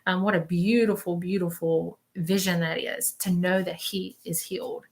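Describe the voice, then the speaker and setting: Her voice is fairly low, creaky and darkish, with fairly even intonation and a normal pace. She's a spiritual medium running a live stream psychic reading, talkative and comforting, repeating phrases, quoting the messages she relays, and asking viewers "okay?" again and again.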